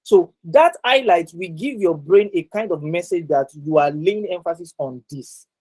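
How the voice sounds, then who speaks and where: A man runs a live exam-prep class online through a video call, speaking at a moderate pace in a high, slightly mellow voice. He repeats his main points and often tags on "right?" to check in with students. The audio is rough.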